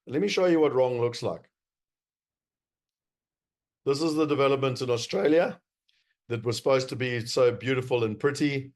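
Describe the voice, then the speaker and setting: A man's voice: medium pitch, normal speed, long pauses, darkish tone. A man with a South African accent giving a presentation to investors, emphatic and wry, with many fillers. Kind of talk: presentation talk.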